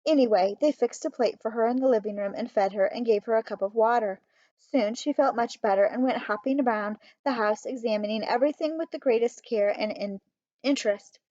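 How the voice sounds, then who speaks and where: A woman's voice: fairly high pitch, fairly quick, warm tone, dry recording. Woman reading a children's story. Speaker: audiobook reader. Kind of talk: storybook read-aloud. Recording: dry, slightly muffled.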